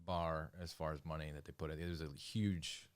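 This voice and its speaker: A man's voice: extremely low pitch, little pitch movement, a little fast, no echo. A man co-hosting a podcast in casual chat, rambling and joking, with frequent restarts. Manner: rambling, restarts often, jokey. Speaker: podcast co-host.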